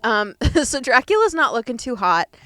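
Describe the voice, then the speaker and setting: A woman's voice: on the high side, sing-song, normal speed, a bit bright, no echo, clean studio sound. A young woman co-hosting a podcast, recapping a movie in casual chat, laughing often and full of fillers. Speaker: podcast co-host.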